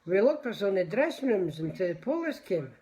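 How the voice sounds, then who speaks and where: Chatty older Scottish man, high voice. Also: big pitch swings, a little fast, mellow, highs cut off. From Scotland. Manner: rambling, chatty, greets viewers by name. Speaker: livestream host telling stories. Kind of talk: casual storytelling to live viewers.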